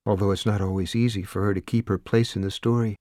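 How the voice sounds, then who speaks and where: A man reading a novel aloud in a measured, expressive storytelling voice, close to the mic. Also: lowish voice, no room sound. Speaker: audiobook narrator. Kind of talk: scripted narration.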